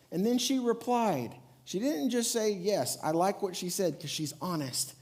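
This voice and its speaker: Animated high-voiced male pastor preaching. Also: a little slow, few pauses. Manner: animated, acts out quoted voices, talks to the congregation. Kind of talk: sermon.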